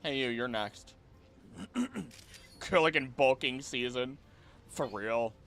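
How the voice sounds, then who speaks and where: A man's voice: medium pitch, takes it slowly, a bit bright. A young man streaming a game live, chatting playfully with his viewers and the creatures on screen. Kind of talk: live gameplay commentary.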